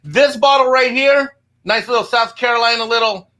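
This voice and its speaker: A man's voice: very high voice, moderate pace, bright, forceful tone, a little hiss or hum. A man on a panel show giving a heated, swearing fan rant, repeating himself a lot, a bit tipsy from drinking. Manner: angry, swearing, repeats "you know what".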